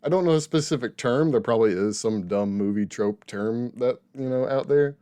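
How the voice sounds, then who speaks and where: A man's voice: medium pitch, moderate pace, dark tone, clean tone, no echo. A man co-hosting a casual film review podcast, rambling and correcting himself as he talks. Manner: rambling, self-correcting, laughs often. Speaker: podcast co-host film critic.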